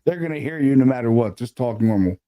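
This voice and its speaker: A man's voice: mid-range voice, expressive, quick pace, warm tone. A man chatting casually as a paranormal investigator, laid-back, often tagging his sentences with "you know what I mean" and "man.". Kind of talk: casual chat.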